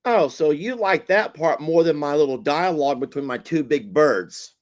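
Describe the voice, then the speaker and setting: A man's voice: on the high side, moderate pace. A man hosting a casual live chat with callers, teasing them in a folksy way and laughing easily. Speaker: host.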